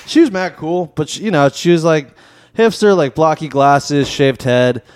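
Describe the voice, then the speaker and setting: A man's voice: fairly high pitch, normal speed, darkish tone. A man hosting a podcast, telling a story in casual chat, swearing and acting out the quotes. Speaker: podcast host.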